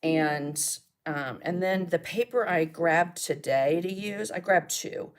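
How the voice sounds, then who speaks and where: Speaking at a slow pace with a fairly low pitch, a woman runs a live mixed media art session. She talks casually and reasons aloud as she creates, responding to what viewers write.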